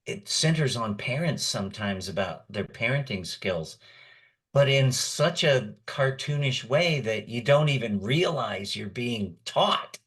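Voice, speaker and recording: Husky middle-aged man telling stories. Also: medium pitch, animated, measured pace, fairly bright tone. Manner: rambling storyteller. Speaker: guest voice actor. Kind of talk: casual interview chat.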